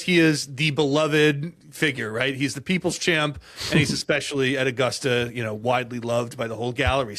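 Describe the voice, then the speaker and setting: A man co-hosting a podcast, telling golf history in a casual, animated way, with dramatic flourishes and frequent laughs. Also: mid-range voice. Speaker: podcast co-host.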